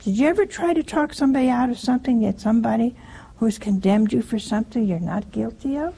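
Woman preaching, kinda high husky voice, talks homey, keeps asking the crowd stuff. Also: fast talker, dark tone, poor audio. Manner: homely, asks the listeners many rhetorical questions. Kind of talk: conversational sermon.

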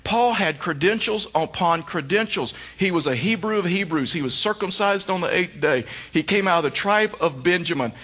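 A man's voice: high voice, animated, moderate pace, few pauses, fairly bright tone, slightly rough. A middle-aged male pastor preaching a sermon, telling stories with emphatic repeated phrases. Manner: storytelling with emphatic repetition.

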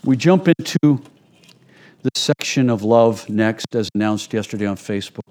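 A man's voice: on the low side, lively intonation, moderate pace, a little mellow. A middle-aged man preaching a sermon to his church in a conversational way, acting out small everyday scenes to make his points. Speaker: pastor.

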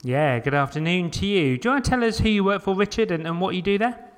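A man hosting a casual roundtable podcast, brisk and upbeat, who also reads the sponsor spots. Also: sits high, expressive. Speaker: podcast host.

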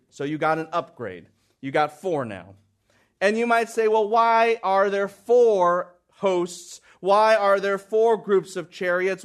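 A man with a notably high speaking voice delivers a sermon. He builds emphasis by repeating key phrases, dropping low and quiet for his most solemn points. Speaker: preacher.

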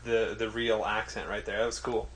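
A man's voice: lowish voice, little pitch movement, moderate pace, background noise. Hesitant male podcast host. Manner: hesitant, lots of ums and restarts. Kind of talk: casual chat.

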